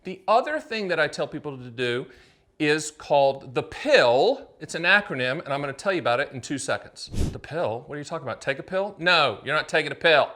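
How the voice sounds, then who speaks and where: A middle-aged man with a slightly raised voice talks straight to camera, hosting his own explainer show. He drives his points home in punchy, salesy bursts, firing rhetorical questions and tossing in quick asides before snapping back on track. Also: fairly high pitch, lively intonation, bright, forceful tone. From United States. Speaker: annuity agent and show host. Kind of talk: energetic solo explainer to camera.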